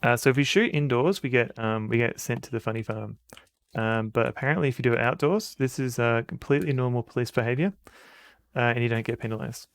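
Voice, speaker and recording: A man's voice: mid-range voice, fast talker, no echo. A man streaming a retro game, giving wry, chuckling commentary and reading the game text aloud.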